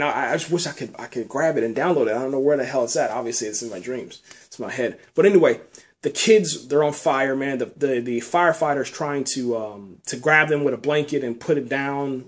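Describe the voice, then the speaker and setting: A man telling a nightmare in a loose, rambling way, swearing a lot and dropping "man" and "you know" all through. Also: mid-range voice. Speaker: storyteller recounting a nightmare. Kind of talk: casual rambling storytelling.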